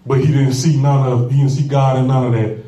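A man preaching a sermon with call-and-response, repeating phrases and building to shouts. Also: medium pitch, fairly even intonation, fairly quick, far from the mic. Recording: echoey room, voice off-mic.

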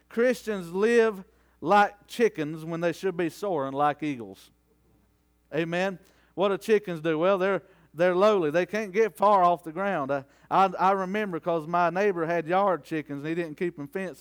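A man preaching a sermon, asking for amens and building from conversational storytelling into fervent, drawn-out declamation. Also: on the high side. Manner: rhetorical call-and-response, rising into fervent slow declamation.

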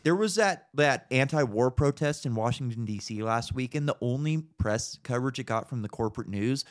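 A man's voice: medium pitch, a little fast. A young man hosting a podcast, ranting casually about politics with lots of swearing and mocking impressions. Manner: profane, animated, mocking impressions. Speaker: podcast host.

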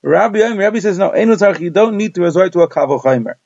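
A man's voice: high-pitched, lively intonation, quick pace, vocal fry, darkish tone, dry recording. A man teaching a Talmud class, reading each phrase of the text and then translating and explaining it. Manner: reads Hebrew-Aramaic text then translates line by line. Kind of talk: daily page Talmud class. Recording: dull lo-fi dry recording.

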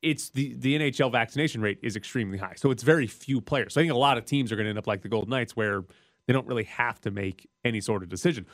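A man in casual sports talk, pitched in the middle range but jumping up whenever he pushes a point. The sound is close and dry, with no room around it. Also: fast talker, dry recording. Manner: animated, rises sharply when making a point. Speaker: sports podcast co-host.

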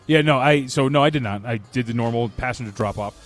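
A man's voice: medium pitch, fast, soft background music. A man co-hosting a sports talk radio show, giving emphatic, opinionated takes. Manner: opinionated, emphatic, self-mocking. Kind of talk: casual sports radio banter.

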